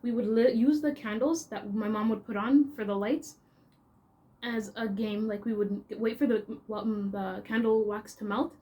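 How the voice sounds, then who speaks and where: A woman's voice: on the high side, a little slow. Chatty young Canadian woman telling stories. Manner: animated, chatty and expressive. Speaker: vlogger. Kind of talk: casual storytelling.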